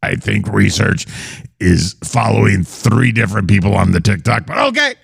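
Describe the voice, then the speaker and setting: A man hosting a comedy talk show, mocking his guests with big swings in pitch. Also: steady tone, normal speed, vocal fry, breathy edge, no room sound, clean studio sound. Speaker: host.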